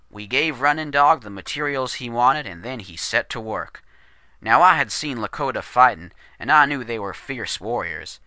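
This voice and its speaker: A man narrating a western horror story in a steady, descriptive storytelling manner. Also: medium pitch, no room sound.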